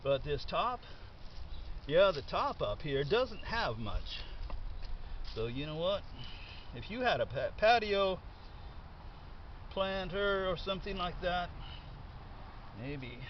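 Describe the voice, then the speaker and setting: A man's voice: sits high, takes it slowly, pauses often. Chatty man digging in his garden. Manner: chatty, thinks aloud, delighted exclamations. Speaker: home gardener. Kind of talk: casual narration while digging up potatoes. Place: backyard garden outdoors. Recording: dull lo-fi sound with steady background noise.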